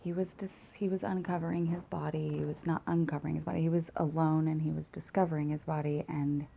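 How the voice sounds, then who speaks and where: A woman's voice: low-pitched, little pitch movement, fast, creaky, mellow, breathy edge, low-quality recording. A woman in her late thirties talking in a rambling, candid, profane confessional vlog, recorded on a phone. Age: late 30s.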